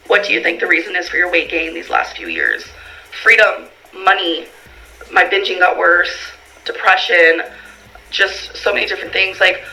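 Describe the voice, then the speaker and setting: Bright, gravelly-voiced woman vlogger rambling. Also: medium pitch, low-quality recording. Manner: rambling, filler-heavy, reads viewer questions aloud. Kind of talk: casual Q&A vlog.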